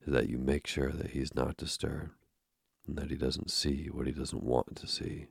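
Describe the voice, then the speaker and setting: A man reading the lines of a thin, neat old manservant with a husky voice, formal and stiff, in an audiobook. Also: a bass voice, steady tone, moderate pace, no room sound, studio quality, exaggerated voice. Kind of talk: audiobook narration.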